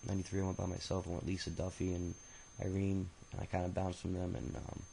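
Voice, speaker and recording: Man in his thirties, very low voice, rambling profane memoir talk, lots of ums. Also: completely flat delivery, quick pace, gravelly, dark tone, a little hiss or hum, low-quality recording. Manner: rambling and profane, many filler sounds. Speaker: autobiography narrator. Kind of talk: casual spoken memoir storytelling.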